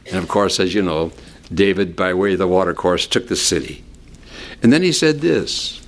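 A male pastor preaching an expository sermon in a conversational way, explaining scripture with friendly asides. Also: moderate pace. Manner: animated, sweeping pitch for emphasis.

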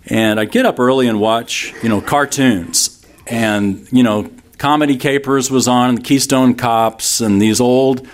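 A man in his fifties preaching a sermon in a relaxed, conversational way, mixing humorous stories with scripture. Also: mid-range voice. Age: 50s. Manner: conversational, humorous storytelling with laughs from the congregation. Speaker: pastor.

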